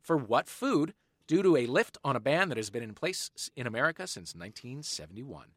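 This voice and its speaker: A man hosting a comedy panel quiz, wry and quick, swearing casually as he reads the questions. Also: mid-range voice, very animated, a bit bright, no echo, studio quality. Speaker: quiz show host.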